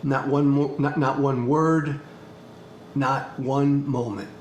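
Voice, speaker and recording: Slow, emphatic man in an echoey room. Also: medium pitch, fairly even intonation. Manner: emphatic, hammering repetition, blunt profanity. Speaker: podcast host. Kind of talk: political commentary monologue. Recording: echoey room with faint background noise.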